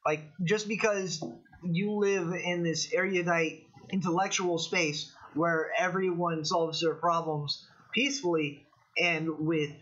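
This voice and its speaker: Husky, bright-toned Californian man rambling. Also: high voice. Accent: Californian American. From United States. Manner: rambling and opinionated, answering chat. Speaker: livestream host. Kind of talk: casual political commentary stream. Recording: dull lo-fi stream audio.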